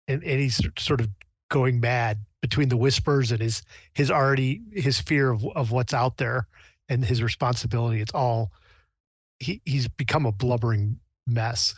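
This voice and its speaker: A game master narrating a tabletop session in a mid-pitched voice, dry and close to the mic. The delivery is casual and quick between bits of play. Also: no room sound.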